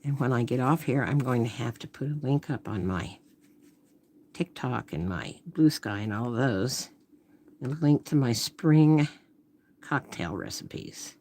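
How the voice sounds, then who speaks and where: Lively, low-voiced woman painting on stream. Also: unhurried. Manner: thinks aloud while painting, trailing off into murmurs. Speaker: artist painting live. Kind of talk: casual live-stream painting chat.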